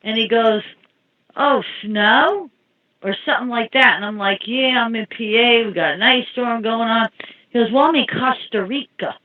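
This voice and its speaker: A woman's voice: a little high, brisk. A woman telling rambling anecdotes in casual chat. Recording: tinny phone-like line.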